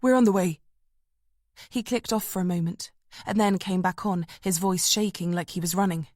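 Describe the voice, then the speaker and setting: A woman audiobook narrator reading a thriller in a measured, tense storytelling manner. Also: on the low side, steady tone, darkish tone, no echo, studio quality. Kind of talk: scripted narration.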